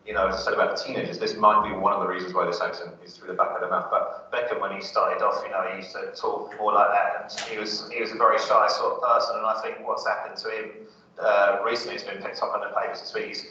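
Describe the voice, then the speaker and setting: A man's voice: on the low side, level tone, fast, sharp tone, very echoey, far from the mic, highs cut off. A man speaking as a studio guest, explaining things fluently with plenty of fillers on a chat show.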